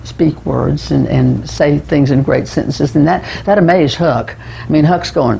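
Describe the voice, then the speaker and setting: Casting: gravelly, dark-toned man, loose book-review chat with restarts, faint hiss behind. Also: on the high side, measured pace, poor audio. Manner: rambling, with restarts and repeated words. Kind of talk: casual spoken book review.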